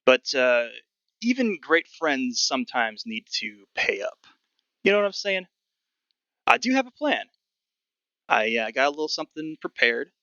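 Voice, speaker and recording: A man's voice: medium pitch, sing-song, measured pace, pauses often, sharp tone, dry recording, highs cut off, voice pushed up, heavily acted. A man voicing a pompous, money-minded male bard with a smug, mercenary drawl. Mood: sly.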